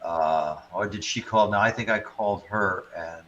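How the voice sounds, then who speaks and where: A man with a fairly low voice and a bright, forceful edge, speaking in a measured, hesitant way as a podcast host. Faint background noise sits under his voice. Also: muffled recording. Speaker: podcast host, paranormal investigator. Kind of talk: casual chat.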